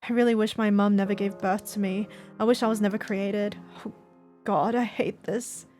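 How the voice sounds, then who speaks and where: A woman's voice: medium pitch, fairly even intonation, normal speed, darkish tone, soft background music, natural voice. A woman voicing a dejected, self-hating teenage boy in a visual novel, speaking in despair. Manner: despairing, hopeless self-loathing. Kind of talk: voiced visual novel reading.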